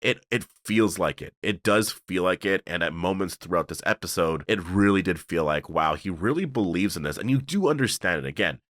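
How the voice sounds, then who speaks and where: A man's voice: low voice, fairly quick, hardly any pauses, dry recording, clean studio sound. A man reviewing a TV episode in a casual, rambling way, full of fillers. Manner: rambling, filler-heavy, excitable. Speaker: show reviewer. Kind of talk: casual video breakdown.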